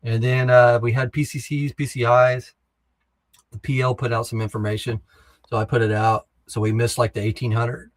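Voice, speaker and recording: A man's voice: medium pitch, flat delivery, normal speed. A middle-aged man, an army veteran, telling war stories in a blunt, profane, casual way and acting out other soldiers' lines. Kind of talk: casual storytelling.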